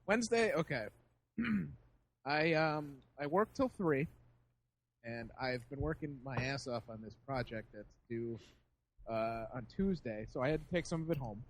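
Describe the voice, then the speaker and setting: A man casually telling a story on a podcast, animated and laughing as he acts out the people in it. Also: mid-range voice, a little slow. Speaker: podcast host.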